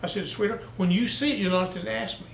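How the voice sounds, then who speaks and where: A man's voice: sits high, fast talker, vocal fry, roomy sound, a little hiss or hum, rough recording. A male pastor preaching a sermon, telling down-home country stories and building to emphatic peaks. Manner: folksy storytelling preacher, rising to emphatic peaks.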